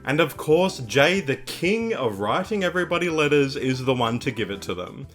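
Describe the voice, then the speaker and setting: A man's voice: medium pitch, very animated, normal speed, fairly bright tone, soft background music. A young man hosting a K-pop reaction video, chatting casually and gushing with upbeat enthusiasm, filling his talk with "like". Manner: gushing, upbeat, heavy use of "like".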